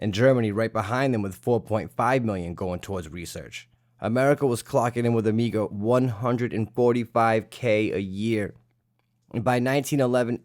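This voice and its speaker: A man's voice: lowish voice, darkish tone. A man hosting a casual history podcast, irreverent, jokey and profane. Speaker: podcast host.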